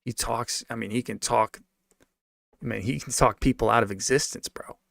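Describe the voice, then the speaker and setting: A man's voice: medium pitch, fairly even intonation, moderate pace, vocal fry, a bit bright, dry recording, studio quality. A young man streaming and venting about his old job in a rambling, profane, slang-heavy way while reading donations. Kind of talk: casual rant.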